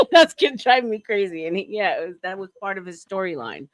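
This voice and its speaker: A woman's voice: mid-range voice, big pitch swings, a little fast, no echo. A woman hosting a casual group chat on a stream, teasing her friends and laughing often. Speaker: stream host.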